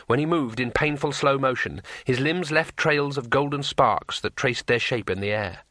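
Male narrator, bright clear voice, dramatic measured delivery, dry booth sound. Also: mid-range voice, no echo. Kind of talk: audiobook narration.

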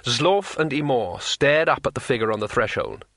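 A man reading a fantasy audiobook in a measured, unhurried way. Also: mid-range voice, very animated, a bit bright, no room sound, clean studio sound. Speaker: narrator.

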